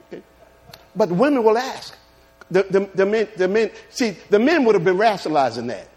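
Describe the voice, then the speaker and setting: High-voiced preacher man. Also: fairly quick, slight background noise. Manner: animated preaching with humorous stories and call-outs. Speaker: pastor. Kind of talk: sermon.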